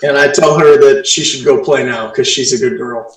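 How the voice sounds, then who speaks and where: A man's voice: medium pitch, steady tone, normal speed. A man playing a tabletop game, declaring his character's actions with a teasing tone. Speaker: player. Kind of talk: casual tabletop play. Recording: roomy, far from the mic.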